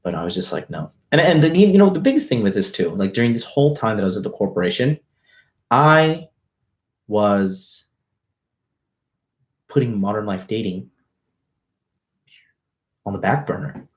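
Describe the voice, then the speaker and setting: A man talks straight to his livestream viewers, telling a story with casual swagger. His voice sits on the low side, and his talk is loaded with profanity and brash slang. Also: sing-song, normal speed, pauses often. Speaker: dating coach hosting a livestream.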